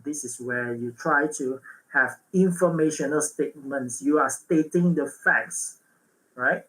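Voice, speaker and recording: A man presenting a public speaking workshop, pausing on fillers, correcting himself and checking in with "right?". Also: mid-range voice, fairly bright tone, rough recording. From Malaysia.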